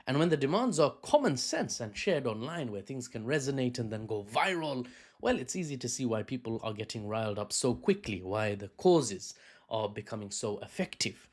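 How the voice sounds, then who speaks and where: A man with a British accent talks through the news in a one-take commentary vlog. His pitch swings widely as he goes, with a middle-range voice. He drifts into chatty asides and corrects himself along the way. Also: sing-song, normal speed. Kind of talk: unscripted news analysis vlog.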